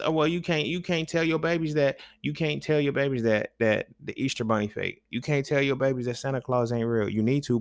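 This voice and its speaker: This male podcast host speaks in a mid-range voice, recorded with clean studio sound and no room ambience. He delivers a casual, rambling monologue full of swearing and slang, peppered with "you feel me."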